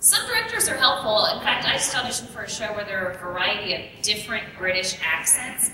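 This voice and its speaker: A woman's voice: medium pitch, expressive, fast, noisy background. A woman voice actress speaking casually on a convention panel, chatty and rambling. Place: large convention room. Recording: echoey hall recording from far off. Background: room ambience.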